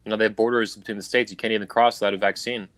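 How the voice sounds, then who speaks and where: A low-voiced man rants with anger and heavy profanity as he hosts a live stream. His delivery is emphatic and relentless, and the sound is dry and close over a video call. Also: level tone, rapid-fire, fairly bright tone, no room sound. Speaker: livestream host. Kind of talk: heated political rant.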